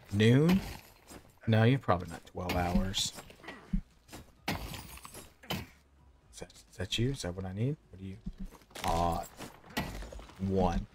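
With a lowish voice against a noisy background, a Southern-accented man in his thirties streams his gameplay. He keeps up chatty live commentary, speaking to viewers and to himself as he plays.

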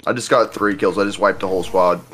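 A young man live streaming a game, joking around and bursting into hype shouts. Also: sits low, fairly even intonation, quick pace. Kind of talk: casual live gaming commentary. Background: game sounds and music.

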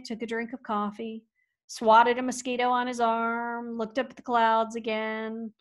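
A woman reading a storybook aloud in a folksy, expressive way that swings from hushed to loud. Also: sits high. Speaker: audiobook reader. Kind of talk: storybook narration.

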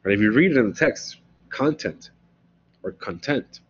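A man's voice: on the low side, animated, rapid-fire, a bit bright, slightly rough. A man giving a philosophy lecture in a conversational way, often checking in with "right?" as he explains ideas. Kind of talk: recorded classroom lecture. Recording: dull, lo-fi lecture recording.

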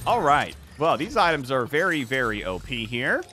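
A man giving excitable, reactive live commentary on his own gameplay, swearing freely. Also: medium pitch, normal speed, noisy background. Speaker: gaming YouTuber. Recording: game gunfire in the background. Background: video game gunfire and clicks.

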